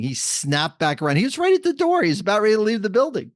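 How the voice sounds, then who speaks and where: A man's voice: high voice, fast, hardly any pauses, no echo, studio quality. A middle-aged man, an author and mediator, telling stories as a podcast guest and acting out the dialogue. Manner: animated storyteller acting out dialogue. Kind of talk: storytelling in a podcast interview.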